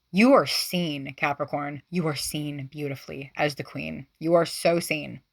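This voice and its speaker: A woman giving a tarot reading to her viewers, gushing and exclamatory, swinging between excited outbursts and hushed asides. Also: low voice, dry recording. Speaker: tarot reader.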